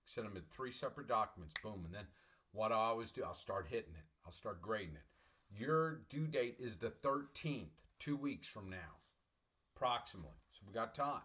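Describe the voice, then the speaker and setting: Emphatic low-voiced bright male professor. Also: lively intonation, normal speed. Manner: emphatic, repetitive, motivational talk; clears his throat often. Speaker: college English professor. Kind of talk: recorded online class lecture.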